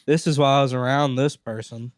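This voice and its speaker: A young man co-hosting a podcast in a casual chat, giggly and quick to agree. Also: mid-range voice, steady tone, dry recording, clean studio sound. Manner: giggly, chimes in with short agreements. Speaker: podcast co-host.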